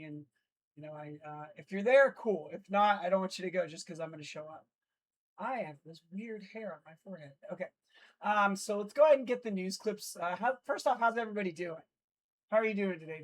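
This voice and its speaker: Groggy streamer, restarting flubbed lines. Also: medium pitch. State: drowsy, just woken up. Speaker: livestream host reading news. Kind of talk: casual livestream chat and news read-out. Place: indoor streaming setup in Los Angeles. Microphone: streaming mic with noise cancellation.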